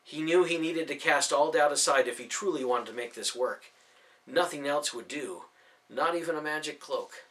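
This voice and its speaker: A man reading a fantasy story aloud as scripted narration, with expressive storytelling. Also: a little high, normal speed. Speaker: audiobook narrator.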